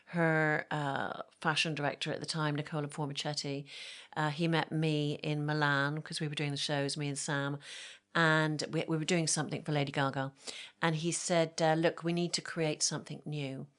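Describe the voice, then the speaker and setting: A woman talks in a fairly low voice, chatting loosely as an interview guest. She tells stories full of fillers and acts out the people in them. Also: a bit bright, clear, resonant tone. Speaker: make-up artist guest. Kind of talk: casual interview chat.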